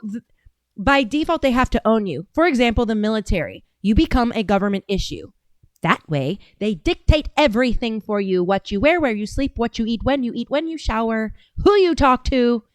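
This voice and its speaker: A woman's voice: on the high side, no echo. A woman in her thirties hosting a casual commentary show, ranting in a heated, sarcastic, profane way. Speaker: show host.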